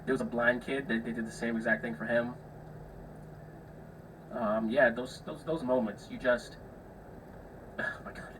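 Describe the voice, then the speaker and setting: A young man hosts his own podcast, spinning casual stories and acting out the people in them, with the odd curse word. His voice sits at an everyday middle pitch. It sounds a little distant from the mic over a faint background hiss. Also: steady tone, moderate pace, pauses often. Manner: chatty, swears freely, acts out the people in his stories. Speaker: podcast host. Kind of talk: casual solo storytelling.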